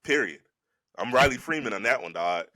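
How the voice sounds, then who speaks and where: A young man co-hosting a podcast, ranting in animated, worked-up bursts and mocking people in put-on voices. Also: medium pitch, a little fast, no room sound, clean studio sound. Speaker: podcast co-host. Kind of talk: casual podcast banter.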